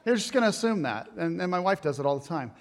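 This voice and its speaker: Loud, animated pastor in a reverberant hall. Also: male voice, a little high, fast. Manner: loud, animated storytelling with a self-mocking humor. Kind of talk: sermon.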